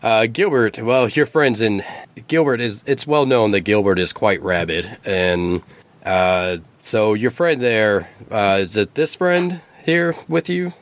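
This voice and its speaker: A man's voice: lowish voice, takes it slowly, dry recording. A man voicing a scheming, short-tempered male eagle guard who stammers and blusters. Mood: sly.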